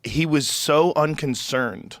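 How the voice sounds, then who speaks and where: A man from Massachusetts co-hosting a podcast, telling self-deprecating stories in casual chat with an easygoing, halting manner, recorded on a studio mic. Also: fairly high pitch, a bit bright, no room sound. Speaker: podcast co-host.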